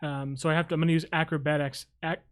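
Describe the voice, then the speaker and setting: Halting higher-voiced male player. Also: level tone, fairly bright tone. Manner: halting, with many fillers. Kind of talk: role-playing a character in a tabletop game.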